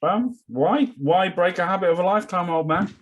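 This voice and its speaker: A man co-hosting a podcast in casual chat, teasing his friend with quick replies. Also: sits high. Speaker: podcast co-host.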